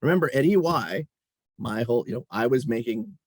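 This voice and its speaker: A middle-aged company chief executive, appearing as a guest in a casual interview, walks through his career in animated stories, chuckling as he goes. His voice is husky, slightly breathy and mid-range, and he talks fairly quickly. The recording is close and dry with no room sound.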